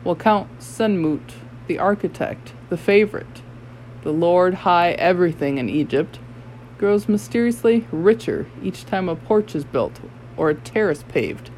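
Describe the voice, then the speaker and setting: A sly young male rogue who speaks in a bland, purring voice, as an audiobook narrator puts him on. Every line is smooth and insinuating, delivered at a middle pitch. It is a storybook character read aloud. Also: lively intonation, unhurried, a little mellow, a little hiss or hum, lightly acted, poor audio.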